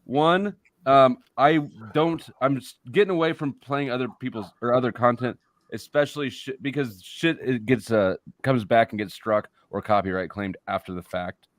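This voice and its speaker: A man's voice: medium pitch, normal speed, dry recording. A man hosting a casual live stream panel, giving blunt, dry refusals. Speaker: stream host.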